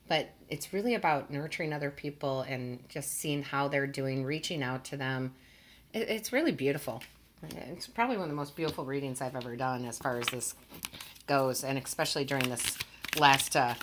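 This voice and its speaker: A woman's voice: rumbling low, fairly bright tone. A woman tarot reader talking casually to her viewers, earnest and gushing, often stumbling over her words.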